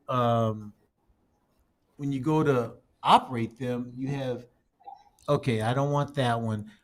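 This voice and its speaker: A man hosting a casual livestream, rambling while showing a map and talking to viewers as everybody. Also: medium pitch. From United States. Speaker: show host.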